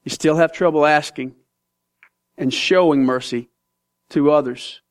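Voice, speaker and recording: A man's voice: on the high side, a little slow. A man preaching a sermon in an emphatic, conversational way, speaking straight to his congregation.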